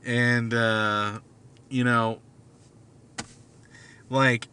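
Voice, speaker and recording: Man, slow unhurried delivery, hesitant rambling full of fillers, casual monologue in a car at night. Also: medium pitch, little pitch movement, bright, forceful tone, clean tone. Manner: hesitant, many fillers and restarts. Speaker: vlogger.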